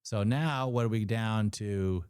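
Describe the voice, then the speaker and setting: A middle-aged man hosting a live trading stream, thinking aloud and reacting excitedly to his screen. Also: fairly low pitch, slow pace, clean tone, dry recording, studio quality. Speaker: host of a trading livestream.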